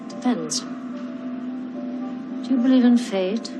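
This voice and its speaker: A woman's voice: a little high, expressive, very slow. An actress with a German accent playing a cold, commanding woman who leads a mission. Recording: clip with loud music behind.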